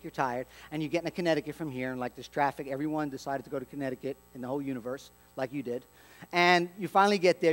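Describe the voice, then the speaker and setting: A man preaching a sermon as pastor, telling stories with lively acted-out dialogue and dropping to a hushed tone for emphasis. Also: fairly high pitch. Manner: animated storytelling, acts out dialogue.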